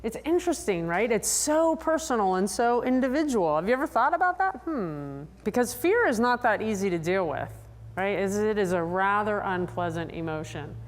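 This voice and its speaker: A woman psychologist giving a lively, chatty talk to a convention audience, drawing answers from the crowd. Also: normal speed. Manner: animated, chatty, acts out riders in high voices. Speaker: sports psychologist presenter. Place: large convention hall. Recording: long hall reverb.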